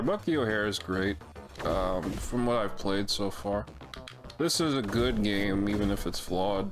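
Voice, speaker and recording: A man streaming a retro game, chatting casually with viewers, swearing freely and reacting out loud. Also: on the low side. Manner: loose, profane, reads chat aloud. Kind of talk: casual live-stream chat.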